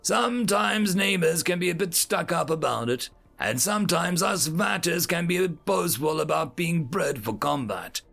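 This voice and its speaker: A man doing a gruff alien soldier. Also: a little high, lively intonation, normal speed, hardly any pauses, fairly bright tone, faint music behind, exaggerated voice. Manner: gruff, clipped military talk. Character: blunt male alien soldier, gruff and proud.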